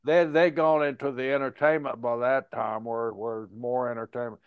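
A man co-hosting a podcast, asking soft, halting questions in a casual interview. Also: mid-range voice, steady tone, clear, resonant tone, no room sound. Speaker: podcast co-host. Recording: dry, slightly muffled recording.

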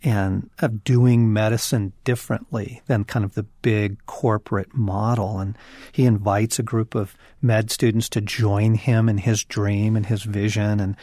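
A man's voice: on the low side, little pitch movement, measured pace, dark tone, dry recording, studio quality. A man co-hosting a podcast conversation, talking about faith and suffering in an earnest, emphatic, preacherly way. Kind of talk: conversational Christian teaching.

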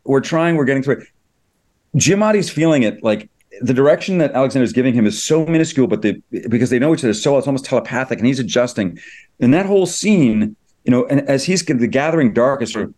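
A middle-aged man, a screenwriter, telling stories in an interview with quick enthusiasm and many restarts. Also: medium pitch, a little mellow. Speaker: screenwriter and producer. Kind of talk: interview, anecdotal storytelling.

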